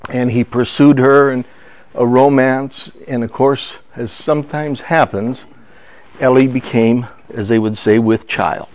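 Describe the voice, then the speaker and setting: An older man telling a family story in a personal testimony talk, halting and emotional, with many restarts. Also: medium pitch, fairly even intonation. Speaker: speaker. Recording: dull lo-fi sound.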